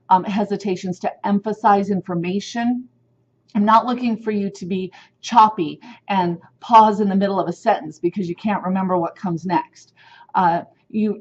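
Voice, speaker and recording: A woman instructor talks students through what she grades, at an ordinary middle pitch. Her delivery is direct and firm, spelling things out plainly. The recording sounds a little dull and lo-fi. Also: darkish tone. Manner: direct, firm teacherly explaining. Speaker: sign language instructor. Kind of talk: recorded lecture on grading criteria.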